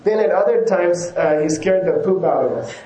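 A man's voice: high voice, moderate pace, warm tone, echoey room, low-quality recording. A man, a yoga teacher, giving a casual rambling talk to his class, often chuckling and correcting himself.

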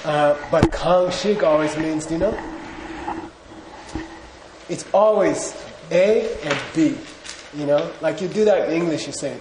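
A man teaches a class in a slow, unhurried way, his voice somewhat high for a man. He jokes with the students and leads them through recitation together. The recording echoes around the room, with steady noise clearly audible behind him. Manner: casual, joking, leads group recitation. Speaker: Buddhist philosophy teacher.

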